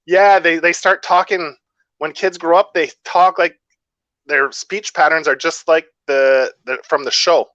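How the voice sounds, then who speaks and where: A man's voice: on the high side, steady tone, unhurried, a bit bright, no echo. Rambling male cohost, dry lo-fi sound. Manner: earnest, advice-giving, rambling. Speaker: podcast co-host. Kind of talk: casual chat. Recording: dry, slightly dull lo-fi audio.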